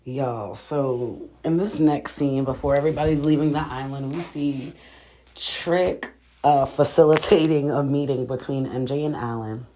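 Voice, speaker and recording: Low-voiced woman recapping a show. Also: a little slow, warm tone. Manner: chatty, addresses viewers as y'all, acts out quotes. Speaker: reaction video host. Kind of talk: casual reality-show recap and commentary.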